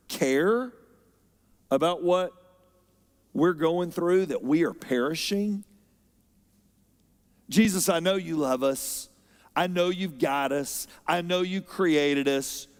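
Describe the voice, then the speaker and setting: A man preaching a sermon as pastor, expressive, moving between loud emphasis and quiet, unhurried stretches. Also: a little high. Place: church auditorium. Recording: long hall reverb.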